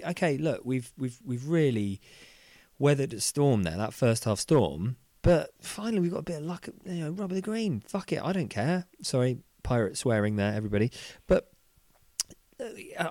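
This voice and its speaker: Animated man, swearing football chat. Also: medium pitch, no room sound. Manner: animated, laughing, swearing, lively mock voices. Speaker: football podcast co-host. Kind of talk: casual chat.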